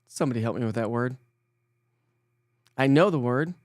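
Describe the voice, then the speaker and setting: A man's voice: mid-range voice, normal speed, a little mellow, no echo, clean studio sound. A man hosting a casual morning weather live stream, chatting with viewers, joking at himself and laughing often. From Colorado. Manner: chatty, self-mocking, laughs often, stumbles over words.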